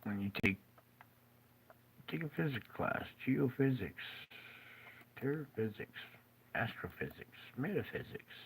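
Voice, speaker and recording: A weary man talks his viewers through a map in loose, casual commentary, yawning and wandering off course before catching himself. His voice has a gravelly, fry-edged texture at an ordinary middle pitch. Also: big pitch swings, a little slow, pauses often, slight background noise. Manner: rambling, jokey and self-interrupting. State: tired, yawning. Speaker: show host. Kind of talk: casual commentary over maps.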